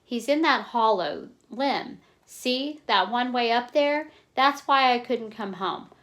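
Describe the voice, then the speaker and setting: A woman's voice: fairly high pitch, slow, fairly bright tone. A woman reading the lines of a determined, earnest farm boy who pleads with his father.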